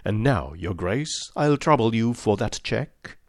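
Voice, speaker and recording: A man's voice: lowish voice, animated, unhurried, dry recording. Man reading as a cool, unyielding male sleuth, precise and insistent, dry close sound. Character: cold, inexorable male detective.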